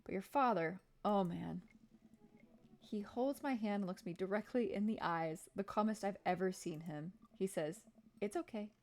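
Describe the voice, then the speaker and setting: A woman's voice: mid-range voice, normal speed, darkish tone, close to an everyday voice. A woman reading aloud as a doting, goofy single dad from a dating sim, telling a rambling family story. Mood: nostalgic.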